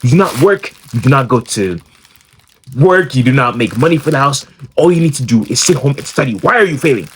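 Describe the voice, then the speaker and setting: A man voicing his angry mother as she scolds her son, shrill and repeating herself. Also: lively intonation, brisk, a little hiss or hum, close to an everyday voice. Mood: scolding.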